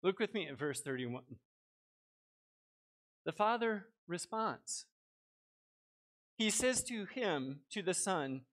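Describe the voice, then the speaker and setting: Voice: mid-range voice, very animated, takes it slowly, pauses often, fairly bright tone. A pastor preaching with rhetorical questions. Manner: reads scripture aloud, then explains it with rhetorical questions. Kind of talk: sermon. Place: church.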